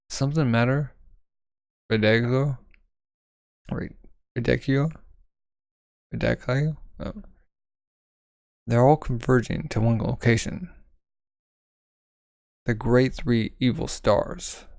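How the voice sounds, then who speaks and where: A man's voice: mid-range voice, takes it slowly, gravelly, long pauses, darkish tone, dry recording. A man reading a manga aloud casually, stumbling over words and adding side comments with fillers. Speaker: manga reader. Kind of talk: casual manga read-along narration.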